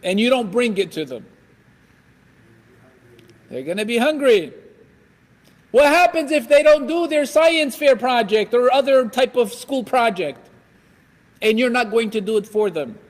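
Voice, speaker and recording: Very high-voiced guy giving an animated religious talk, long hall echo. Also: measured pace, pauses often. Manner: animated, acts out scenes. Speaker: lecturer. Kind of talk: religious lecture. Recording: echoey hall.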